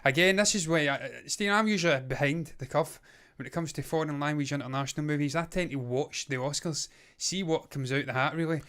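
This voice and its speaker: A man's voice: on the high side, brisk, hardly any pauses, fairly bright tone. A man co-hosting a casual movie show, talking in a chatty, rambling and self-mocking way. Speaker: podcast co-host. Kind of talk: casual movie news chat.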